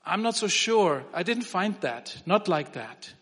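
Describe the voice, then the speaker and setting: A man preaching a sermon in a relaxed, conversational way, often restarting his phrases. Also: high voice, unhurried, slightly rough. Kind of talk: sermon with humor. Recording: long reverb of a hall.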